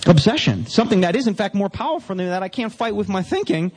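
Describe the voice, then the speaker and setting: A man's voice: sits high, big pitch swings, quick pace, a little mellow, husky. A man giving a candid, self-mocking recovery talk to a meeting audience. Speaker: recovery speaker. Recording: long reverb of a hall.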